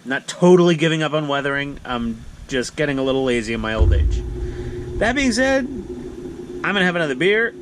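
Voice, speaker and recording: A man's voice: mid-range voice, animated, fairly quick, background noise. A man hosting a casual hobby build vlog at home, rambling with self-mocking jokes. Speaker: hobby channel host. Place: home basement hobby room.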